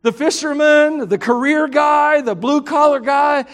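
A man preaching with a Southern US accent, his voice pitched unusually high for a man. He tells stories animatedly, slips in jokes and suddenly breaks into shouts. The sound rings out with the long reverb of a large church hall. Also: a little slow. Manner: animated, joking storyteller who bursts into shouts. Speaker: pastor. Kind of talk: sermon.

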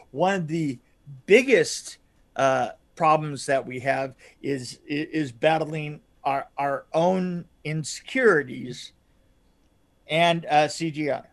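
A man's voice: on the high side, slow pace. A man chatting casually about movies, rambling and restarting his sentences, with a joking tone. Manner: rambling, self-interrupting, jokey. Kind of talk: casual chat.

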